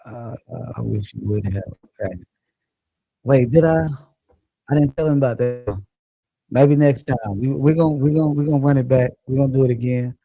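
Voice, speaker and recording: A man's voice: mid-range voice, steady tone, moderate pace, pauses often, mellow, no echo, highs cut off. A man hosting a casual livestream, chatting loosely and profanely and laughing as he reads viewer comments. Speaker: livestream host. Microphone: phone or computer mic.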